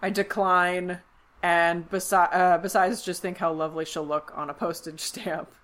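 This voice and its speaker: A woman with a somewhat low voice, co-hosting a podcast and retelling a film scene by scene. She talks casually and animatedly, and slips into quick put-on voices for the characters. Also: little pitch movement, fairly bright tone. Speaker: podcast co-host. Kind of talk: casual movie recap chat.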